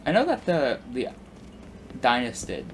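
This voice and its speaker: A man in his twenties who makes gaming videos on YouTube rambles about his job while he plays, leaning on "like" and restarting sentences. His mid-range voice swoops wildly in pitch at a measured pace, against slight background noise.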